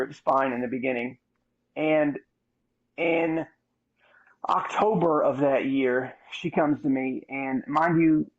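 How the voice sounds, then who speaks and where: A man in his thirties talks through a personal story in a candid, animated way. His voice is gravelly and the sound is muffled and lo-fi. It has the feel of casual podcast storytelling. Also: mid-range voice. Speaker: podcast host. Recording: muffled lo-fi audio.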